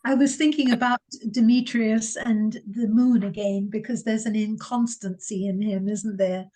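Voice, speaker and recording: A woman in a reading group on a video call, thoughtful and soft-spoken. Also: mid-range voice, fairly even intonation, moderate pace.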